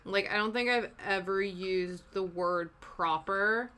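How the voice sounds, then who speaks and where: Her mid-range voice is clear and resonant, bright and sunny, as this young British-born woman runs a laid-back cross-stitch live stream. Long years in Canada have softened her British accent. She chats in a rambling way, with plenty of fillers and quick laughs.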